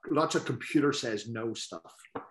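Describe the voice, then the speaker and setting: A man's voice: mid-range voice, moderate pace. Man grumbling in an echoey room. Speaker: podcast co-host. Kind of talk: casual podcast chat. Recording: roomy echo.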